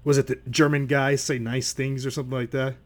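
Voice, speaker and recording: A man's voice: medium pitch, flat delivery, brisk. Easygoing man in a casual chat. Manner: easygoing, agreeable, many fillers.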